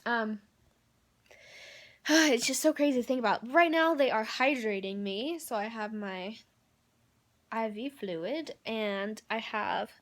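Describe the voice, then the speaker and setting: A woman's voice: on the high side, slow pace, long pauses. Candid young woman vlogging from a hospital room. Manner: rambling, candid, filler-heavy with frequent ums and likes. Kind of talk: personal video update.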